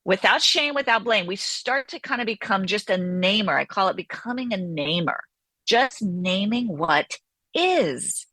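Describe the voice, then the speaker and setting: A woman therapist talking as an interview guest, animated and acting out inner voices as she explains. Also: mid-range voice, no room sound. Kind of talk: conversational interview.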